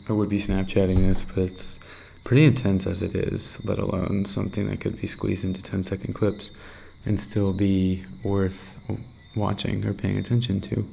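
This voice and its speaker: Young male vlogger, low gravelly voice with a flat, dark tone, rambling and intense, faint hiss under him. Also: low-quality recording. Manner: rambling, intense, swears a lot, drops to hushed half-whispers. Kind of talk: candid late-night video diary.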